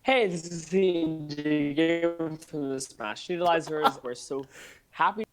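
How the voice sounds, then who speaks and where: A man's voice: a little high, a little slow, soft background music. Male podcast co-host, playful, glitchy robotic-sounding line. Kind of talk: casual podcast chat.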